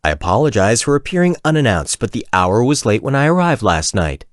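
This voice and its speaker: A man voicing a courtly, self-assured male wizard with a gnomish accent, speaking formally and with measured politeness. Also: mid-range voice, big pitch swings, no echo, studio quality, lightly acted. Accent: gnomish accent of the fantasy world.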